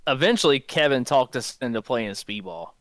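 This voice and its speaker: Man, podcast co-host, lively pitch, dry close mic, easygoing storyteller. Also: normal speed, dry recording. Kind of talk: casual storytelling chat.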